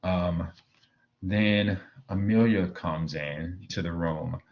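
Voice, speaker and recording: Man, very low voice, slightly muffled lo-fi computer mic, lecture, casual fillers. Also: steady tone, slow. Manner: explains with frequent fillers and "right?", reading quoted lines aloud. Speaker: teacher. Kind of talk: recorded video lecture.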